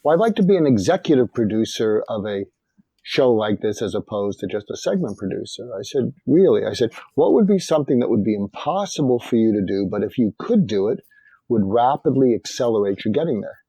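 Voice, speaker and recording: A man's voice: on the low side, big pitch swings, mellow, husky, no echo, low-quality recording. An older man, a psychiatrist and author, telling anecdotes as a guest in an interview. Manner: measured anecdotal storytelling. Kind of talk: storytelling in an interview.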